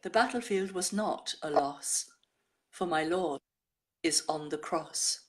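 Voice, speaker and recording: A woman presenting a show, chatting and reading listeners' poems aloud in a measured way. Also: sits low.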